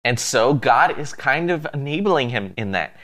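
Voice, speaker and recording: Male co-host, casual Bible storytelling, animated, easygoing delivery. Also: mid-range voice, moderate pace. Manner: lively, amused storyteller.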